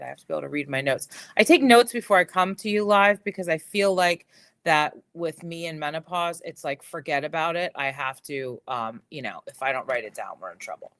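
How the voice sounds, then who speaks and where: A middle-aged woman hosts a casual jewelry live stream. Her voice sits a little low, and she talks in a chatty, rambling way full of "um" and restarts. A slight whistle slips through her speech from a missing tooth. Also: vocal fry. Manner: chatty, animated storytelling with frequent fillers and repeats.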